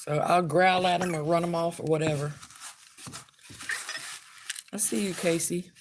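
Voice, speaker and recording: A woman making spell oils in a casual vlog, talking bluntly and plainly, with a relaxed down-home drawl. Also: on the low side, measured pace, background noise. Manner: blunt and outspoken.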